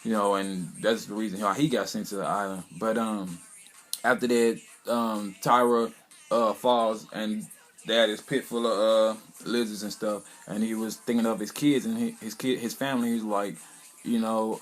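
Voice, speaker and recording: A man's voice: fairly low pitch, level tone, moderate pace. A man casually recapping an anime episode, rambling along with lots of "you know" and "um". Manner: rambling, loose retelling packed with "you know" and "um". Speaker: anime reviewer.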